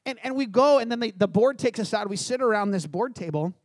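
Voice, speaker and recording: A man's voice: high-pitched, fairly quick, no echo, studio quality. A middle-aged man from Canada preaching a sermon, telling a personal story with humor and acting out the dialogue. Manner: animated, acts out dialogue, self-deprecating humor. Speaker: pastor.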